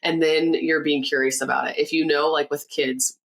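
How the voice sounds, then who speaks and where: Low-voiced woman counselor, animated. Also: moderate pace, vocal fry, rough recording. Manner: animated, acts out quoted voices, laughs often. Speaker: counselor and podcast guest. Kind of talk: conversational interview.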